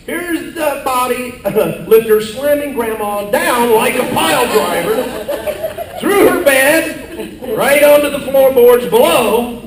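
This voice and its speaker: High-pitched older man doing stand-up. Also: sing-song, measured pace, background noise. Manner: corny storytelling with exaggerated yelled quotes. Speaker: comedian. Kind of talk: live stand-up slide show. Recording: echoey live hall from far off with audience.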